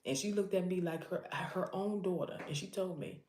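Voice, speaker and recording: A woman's voice: fairly low pitch, moderate pace, darkish tone, echoey room. A woman giving an impassioned preaching vlog, talking urgently to her listeners and repeating herself for emphasis. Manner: urgent, repetitive, addresses listeners directly. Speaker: motivational preacher.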